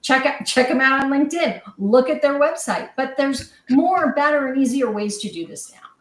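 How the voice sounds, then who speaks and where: A woman hosting a panel discussion on sales, telling stories in an animated, conversational way. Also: high-pitched, moderate pace, echoey room, far from the mic, rough recording. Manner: storytelling, animated, quoting others. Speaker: host.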